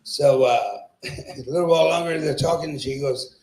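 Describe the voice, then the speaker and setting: Brisk and gravelly, a bit mellow, in the mid-range. This comedian takes the open-mic stage at a small club with crude, profane material, mocking the crowd and laughing at his own bits, and the recording carries the echo of the room.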